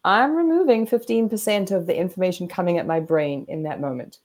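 A woman guest therapist explaining coping techniques in an animated way, acting out what her body and brain say. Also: fairly low pitch, a little fast. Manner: animated, demonstrates breathing and acts out inner voices.

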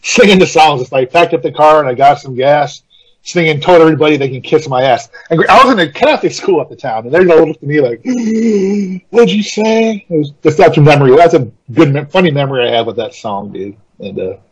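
A man co-hosts a podcast, telling stories and trading blunt, profane opinions. His voice is husky and breathy and sits a bit high. The recording sounds dull and lo-fi. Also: animated, fast. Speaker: podcast co-host. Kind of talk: casual music chat.

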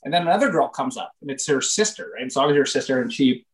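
A young man, a comedian from Canada, telling a story in casual podcast chat, animated and full of swearing and fillers. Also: medium pitch, fast, rough recording.

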